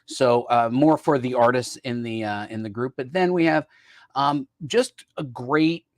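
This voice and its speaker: A male host with a medium-pitched voice speaks unhurriedly in a casual chat about gifts, upbeat and playful, with lots of fillers and hesitations. The recording has no room sound.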